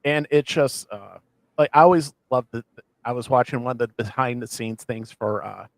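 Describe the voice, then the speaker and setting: A man co-hosting a casual podcast, rambling with many restarts as he excitedly retells scenes. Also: mid-range voice, normal speed, vocal fry, no room sound. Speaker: podcast co-host. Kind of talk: casual chat.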